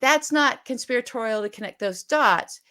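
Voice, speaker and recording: A woman talks on a political podcast in a bright, higher register. Her pitch rises and falls dramatically as she argues. She hammers her points with vivid retellings and rapid emphasis. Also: expressive, clear, resonant tone. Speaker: podcast co-host. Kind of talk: animated political podcast talk.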